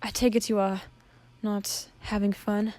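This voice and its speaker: A woman voicing a gentle demon prince father who stammers through apologies. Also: mid-range voice, little pitch movement, a little slow, no room sound, close to an everyday voice. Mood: apologetic.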